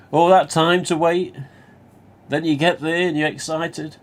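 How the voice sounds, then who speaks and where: Slow and fairly even in intonation, a fairly high-pitched man from England with a Nottingham accent hosts a live stream. He tells a rambling, sweary story casually, restarting it along the way.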